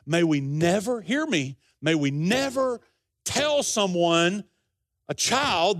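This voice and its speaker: A middle-aged man preaches a sermon in a high voice, retelling a story through long quoted lines in a folksy way. He leans into his points with earnest, pleading emphasis. The sound is dry and close. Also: expressive, takes it slowly, fairly bright tone, no room sound. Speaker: pastor.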